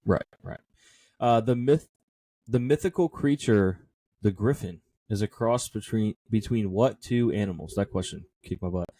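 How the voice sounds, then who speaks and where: Low, mellow-voiced man reading trivia. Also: moderate pace, no room sound. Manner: reads quiz questions aloud, laughs often, thinks out loud. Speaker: podcast co-host reading trivia questions. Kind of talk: casual chat.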